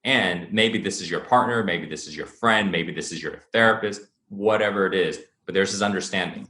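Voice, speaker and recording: Deep-voiced man coaching in an echoey room. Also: moderate pace, bright, forceful tone. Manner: earnest, repetitive, acts out angry quotes. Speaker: fitness and wellness coach. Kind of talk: motivational talk to camera.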